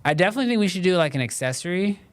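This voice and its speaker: A man hosting a live stream, chatting casually with viewers and answering their questions in a relaxed, conversational way full of "um" and "like". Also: high-pitched, very fast. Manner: relaxed and conversational, many fillers like "um" and "like".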